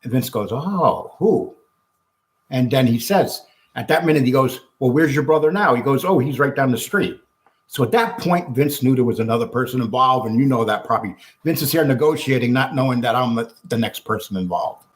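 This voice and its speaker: A man being interviewed, telling a long story in an animated, blunt way, acting out what others said and swearing freely. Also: mid-range voice, brisk. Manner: animated storyteller acting out quotes, frequent restarts. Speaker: guest.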